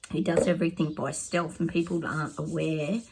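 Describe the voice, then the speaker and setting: A woman talking casually to viewers as a psychic vlogger. She chats excitably while pulling oracle cards and often calls her audience "guys". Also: sits low, fairly quick, husky. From Australia. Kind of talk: casual oracle card reading to camera.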